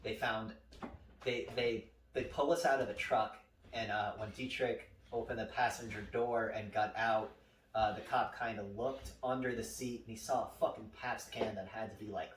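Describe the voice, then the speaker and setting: A man on a podcast telling stories in casual chat, animated and swearing freely, acting out the people in them. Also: on the low side, moderate pace, slight background noise. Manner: animated storyteller who acts out the other people in his stories, swears freely. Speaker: podcast co-host. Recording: roomy, distant mic.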